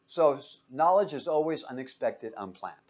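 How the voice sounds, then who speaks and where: This man lectures a class at a moderate pace in a medium-pitched voice, and the recording has its highs cut off. He's animated, quizzing students with fill-in-the-blank questions and performing quotes in little voices.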